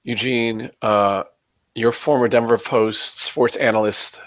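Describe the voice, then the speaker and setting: A man's voice: medium pitch, steady tone, slow, a bit bright, dry recording. A man hosting a podcast, setting up segments in a mock-formal, playful way. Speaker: podcast host. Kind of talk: casual podcast chat.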